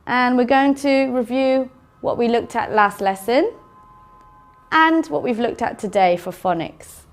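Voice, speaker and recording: A woman teaching an English phonics lesson, sounding out words slowly and carefully for learners. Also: fairly high pitch. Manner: slow, careful enunciation of sounds.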